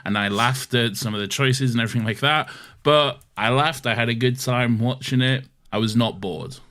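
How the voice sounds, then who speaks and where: A man's voice: medium pitch, normal speed, a bit bright. A man from Yorkshire with a Yorkshire accent, co-hosting a podcast in casual chat, blunt and often laughing. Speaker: podcast co-host.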